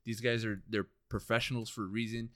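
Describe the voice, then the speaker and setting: A man's voice: fairly low pitch, flat delivery, brisk, fairly bright tone, no room sound, studio quality. A man hosting a casual podcast chat, eager and casually swearing. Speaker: podcast host.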